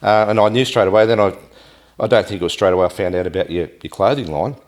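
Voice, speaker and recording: A man's voice: fairly low pitch, quick pace, darkish tone. Chatty man hosting a podcast. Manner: chatty, self-deprecating, with slang. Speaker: podcast host. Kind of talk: casual interview chat.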